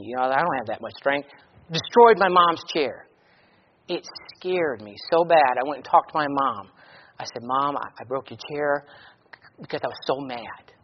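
A man's voice: on the high side, a little hiss or hum. A male pastor giving a sermon, reading scripture aloud with strong emphasis and breaking off into plain conversational asides. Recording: echoey hall, dull lo-fi sound.

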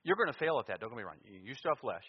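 Animated male preacher in a reverberant hall. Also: mid-range voice, very fast, breathy edge. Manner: animated preaching, swings between loud emphasis and quiet asides. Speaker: pastor. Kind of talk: sermon. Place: church sanctuary. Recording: muffled sound with long church reverb.

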